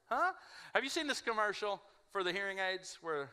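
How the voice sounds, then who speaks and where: A male pastor giving a sermon, telling lively stories and mimicking people's voices. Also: high-pitched, normal speed, clear, resonant tone. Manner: animated storytelling, mimics others in mumbled voices. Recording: live church service.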